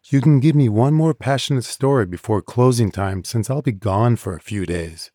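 A man's voice: mid-range voice, normal speed, dark tone, no echo, studio quality, voice pushed up, close to an everyday voice. A man voicing a friendly, teasing young woman bartender in an audiobook. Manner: chatty, playful.

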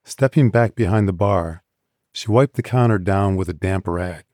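Low, mellow male audiobook narrator. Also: moderate pace, no room sound, clean studio sound.

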